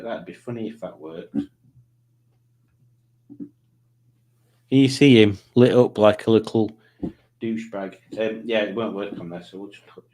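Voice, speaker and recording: A man's voice: fairly low pitch, a little mellow. A man hosting a casual livestream, chatting and joking while he reads viewer comments aloud. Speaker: livestream host.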